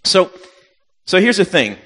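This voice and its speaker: A man in his fifties, a missionary telling a funny personal story in a sermon, acting out his own reactions with sudden loud jumps. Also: high-pitched, big pitch swings, a little slow, husky. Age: 50s. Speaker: missionary preacher. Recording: long reverb of a hall.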